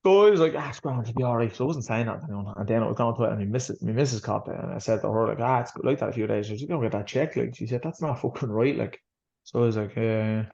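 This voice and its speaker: A fast, gravelly, somewhat mellow mid-range male voice belongs to an Irish boxer guesting on an interview. He rambles through his story, blunt and freely swearing, and the recording is a bit dull and lo-fi.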